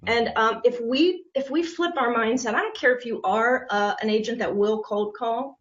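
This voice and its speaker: A woman real estate agent chatting on a podcast, animated and quick to laugh, acting out the lines she quotes. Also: a little high. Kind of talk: casual podcast conversation. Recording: muffled lo-fi audio.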